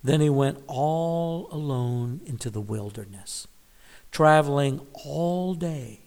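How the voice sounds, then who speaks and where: A man's voice: on the high side, a little mellow, in a large hall. A man giving a devotional Bible reading and reflection, thoughtful, sometimes dropping to a whisper on key words. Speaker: Bible teacher.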